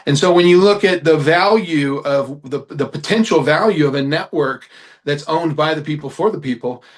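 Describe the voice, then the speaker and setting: Higher-voiced man explaining with passion. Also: moderate pace. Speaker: guest, company founder. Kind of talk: casual interview chat.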